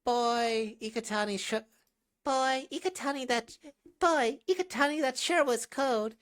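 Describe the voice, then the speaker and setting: A man reading manga aloud, voicing a lively young woman racing partner in a high, sing-song, teasing voice. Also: measured pace.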